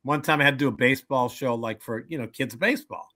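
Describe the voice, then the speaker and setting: Energetic older comedian man. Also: medium pitch, fast talker. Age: 70s. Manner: animated joke-telling, acts out voices. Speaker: comedian guest. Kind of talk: casual interview storytelling.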